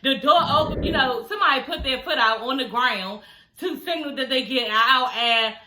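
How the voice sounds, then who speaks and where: Animated, bright-voiced woman vlogger talking slangy. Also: sits high, normal speed, echoey room. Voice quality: slightly slurred speech from new dental aligners. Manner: animated and slangy, laughs often. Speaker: reality TV review vlogger. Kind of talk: casual recap chat. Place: at home.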